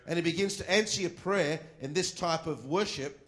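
A man preaching a sermon on worship. He reads scripture aloud slowly and firmly and drops into quiet asides. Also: a little high.

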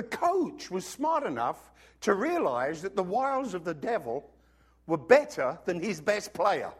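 A man preaching from the pulpit, his pitch sitting a little high and leaping all over the place as he tells his stories. He swings between loud bursts and hushed asides, and he is nursing a cough. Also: measured pace, husky. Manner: animated storytelling, sudden swings from loud to hushed. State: has a cough. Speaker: pastor. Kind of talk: sermon.

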